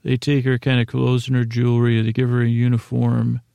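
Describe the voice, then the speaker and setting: A man hosting a sleep podcast, giving a meandering, halting episode recap that loosely paraphrases the dialogue. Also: mid-range voice, completely flat delivery, gravelly, dark tone, no echo. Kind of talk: rambling episode recap meant for falling asleep.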